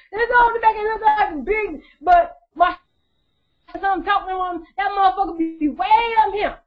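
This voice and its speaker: A woman's voice: very high-pitched, measured pace. A woman telling her story casually to her viewers, blunt and profane, laughing often. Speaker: vlogger. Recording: dull lo-fi recording.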